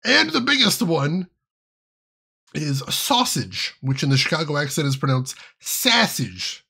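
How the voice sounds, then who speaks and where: A man's voice: a little high, very animated, measured pace, creaky, pushed and bright, husky. A man streaming a video game, chatting casually with his chat and laughing often. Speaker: gaming streamer. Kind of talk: casual gaming commentary.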